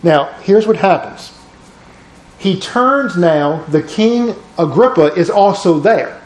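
A man teaching a Bible study lesson in an animated, conversational way with jokey asides. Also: high voice, slow, roomy sound.

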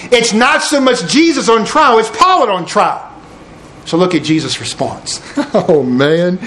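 A man preaching a sermon, retelling a scripture passage and acting out the characters in casual, dramatic voices, dropping low and slow for emphasis. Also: a bit bright, slight background noise, low-quality recording.

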